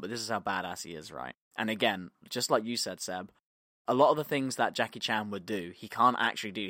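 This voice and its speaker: A man co-hosting a podcast, telling a story in a loose, animated way, acting out quotes and laughing often. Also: fairly low pitch, no echo, studio quality. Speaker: podcast co-host. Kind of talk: casual storytelling chat.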